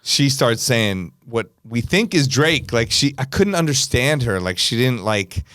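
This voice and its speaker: A man hosting a podcast, telling a long club story in a casual, animated way with frequent laughs. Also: medium pitch, a little slow, no room sound, clean studio sound. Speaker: podcast host.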